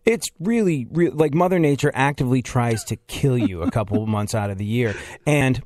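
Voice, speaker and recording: A man's voice: mid-range voice, expressive, normal speed, a little mellow, no echo. A man hosting a casual podcast chat, rambling through stories and laughing often.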